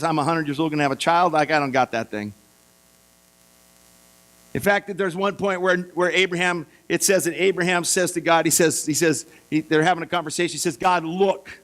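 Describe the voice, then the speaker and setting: A man preaching a sermon, telling Bible stories in a lively way and acting out the voices of the figures. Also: a little high. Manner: lively storytelling, acts out voices for biblical figures. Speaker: pastor.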